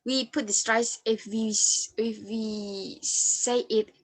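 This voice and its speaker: A young woman from Indonesia, not an English speaker, giving a recorded class presentation and often pausing on fillers and correcting herself. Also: a little high, level tone. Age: young adult. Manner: hesitant, with frequent fillers and self-corrections. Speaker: student presenter.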